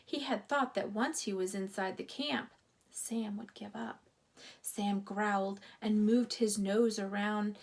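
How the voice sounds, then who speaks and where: Relaxed woman narrator for a kids' chapter book, slow unhurried pace, playful asides. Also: mid-range voice, creaky, slightly rough. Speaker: storyteller reading a children's book. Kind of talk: casual read-aloud storytime.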